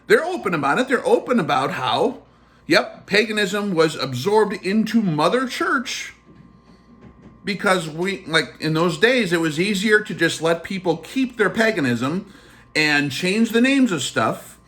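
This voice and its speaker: A man's voice: high-pitched, animated, measured pace, fairly bright tone. A man hosting a casual vlog, telling a personal story in a chatty way full of fillers. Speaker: channel host.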